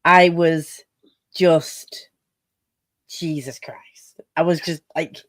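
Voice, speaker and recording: A woman gushing about a book in a casual chat, halting and restarting, with some swearing. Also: low-pitched, fairly even intonation, dry recording. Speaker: book podcast co-host.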